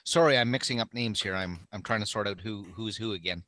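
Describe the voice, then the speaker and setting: A man's voice: fairly low pitch, quick pace, bright, forceful tone, dry recording, studio quality. A man playing in a tabletop game, talking casually and hesitantly, with fillers. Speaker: player.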